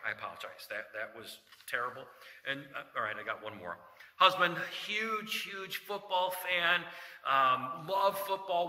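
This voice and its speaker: A man's voice: a little high, sharp tone. Man preaching in an echoey church. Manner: folksy, jokes and asides, scripture quotes. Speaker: pastor. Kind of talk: sermon. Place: church sanctuary. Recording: echoey church hall reverb.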